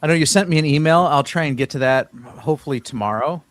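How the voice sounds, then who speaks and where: A man's voice: a little high, fast talker, no room sound. A man hosting a casual live-stream chat, rambling a little, restarting phrases and reading viewers' questions aloud. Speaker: host.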